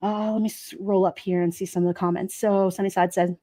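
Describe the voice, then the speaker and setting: A woman's voice: medium pitch, flat delivery, fairly quick, mellow, no echo, clean studio sound. A woman streamer chatting casually on a livestream, reading out comments in a blunt, sassy, gossipy way.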